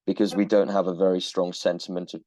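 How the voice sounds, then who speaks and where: Brief: man from Cornwall, low voice, mellow tone, thoughtful interview guest. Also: little pitch movement, fast, no room sound. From Cornwall, England. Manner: thoughtful, with frequent restarts and soft laughs. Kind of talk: casual interview answers.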